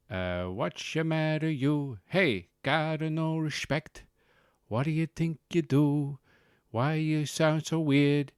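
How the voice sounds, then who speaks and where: Guy putting on a fake dutch-accent football boss, broken english rattling off clichés, deepish voice. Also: a little mellow, smooth, dry recording, clean studio sound, lightly acted. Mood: indignant.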